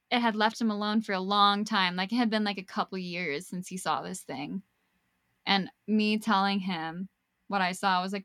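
A young woman telling a personal story in casual chat, animated and swearing freely as she acts out what people said. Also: medium pitch, no room sound, studio quality. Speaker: podcast guest storyteller.

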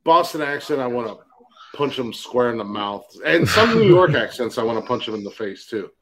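A man with an Ohio accent, hosting a crude casual podcast chat, loud and laughing often. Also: mid-range voice, sing-song, brisk, a crowd in the background, poor audio. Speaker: podcast host.

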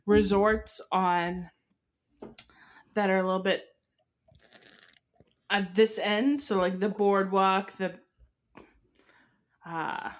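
A woman's voice: medium pitch, steady tone, takes it slowly, pauses often. A woman co-hosting a podcast, chatting casually and explaining tips with many fillers. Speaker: podcast co-host. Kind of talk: casual chat.

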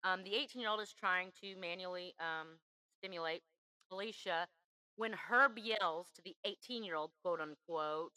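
A woman's voice: measured pace, pushed and bright, no echo, low-quality recording. A woman hosting a podcast, earnestly telling a true crime story and acting out the quotes. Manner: earnest, acts out quotes with shifts in pitch. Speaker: podcast host.

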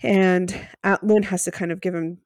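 A woman's voice: lowish voice, fairly even intonation, normal speed, darkish tone, no room sound, studio quality. A woman co-hosting a podcast, chatting casually and laughing often as she retells events. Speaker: podcast co-host. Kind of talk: casual recap chat.

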